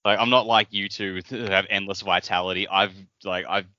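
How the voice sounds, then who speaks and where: Very deep-voiced man with a bright edge. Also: fairly even intonation, normal speed, dry recording. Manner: rambling, acts out characters' lines in quotes. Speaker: podcast co-host. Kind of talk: casual podcast chat. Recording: dry, muffled lo-fi podcast audio.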